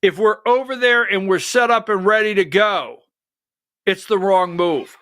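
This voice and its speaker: A man with a very high, bright, forceful voice rants through his political commentary livestream. He swears freely and breaks into angry shouts. His voice sounds close and dry. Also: measured pace, no echo. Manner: fiery, profane ranting with shouted outbursts. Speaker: political commentary show host.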